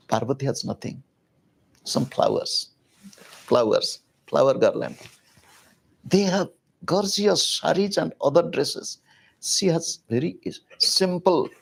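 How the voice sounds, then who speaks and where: A man giving a public spiritual talk, telling a story in an animated, conversational way with casual asides. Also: mid-range voice, creaky, slightly rough. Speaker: spiritual teacher.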